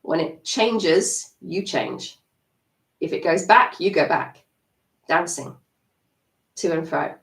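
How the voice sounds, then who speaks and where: A woman coaching an EFT tapping session on a live stream, animated and acting out her inner self-talk. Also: fairly low pitch, slow, long pauses. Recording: roomy sound, mic at a distance.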